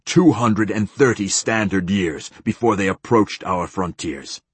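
A man voicing a cold, clipped fleet admiral who speaks in a flat, deadpan way. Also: fairly low pitch, unhurried, breathy edge, dry recording.

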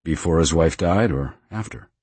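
A man playing a calm investigator pressing with plain questions. His voice is extremely deep and husky, in a dry, close sound. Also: normal speed, dry recording. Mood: probing.

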